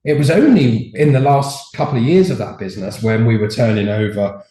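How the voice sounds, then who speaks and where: A man's voice: mid-range voice, brisk, dark tone. A middle-aged man with a posh English accent, telling candid stories as an interview guest in a frank, emphatic way. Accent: posh English, learned over a Cockney childhood. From England. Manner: frank, emphatic, with repeated restarts. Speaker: entrepreneur guest. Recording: roomy echo.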